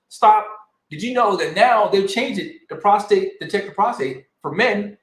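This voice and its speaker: A man's voice: sits high, animated, moderate pace, a bit bright. A man in his forties co-hosting a casual podcast discussion, talking in an emphatic, worked-up way. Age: 40s. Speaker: podcast co-host. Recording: echoey room.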